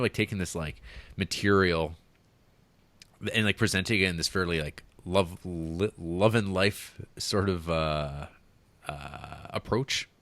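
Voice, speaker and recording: Deep voiced dude rambling about movies on his podcast, dry close mic. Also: fairly bright tone, no room sound. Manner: rambling, heavy on fillers and restarts. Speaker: podcast co-host. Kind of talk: casual chat.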